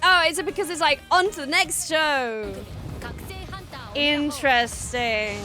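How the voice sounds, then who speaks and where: A woman hosting a reaction video, talking fast and bursting into excited shouts and squeals. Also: high voice, loud music behind the voice.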